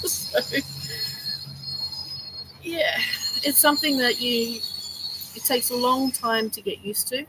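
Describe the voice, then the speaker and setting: A woman's voice: mid-range voice, normal speed, pauses often. Middle-aged woman, casual livestream chat, rambling, frequent laughs, faint background noise. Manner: rambling, laughs often, animated retelling. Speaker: livestream host.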